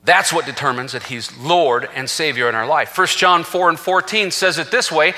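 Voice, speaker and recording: A man's voice: fairly high pitch, animated, normal speed, few pauses, pushed and bright. A man preaching a sermon as senior pastor, emphatic and reading scripture aloud with rising force. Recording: reverberant hall.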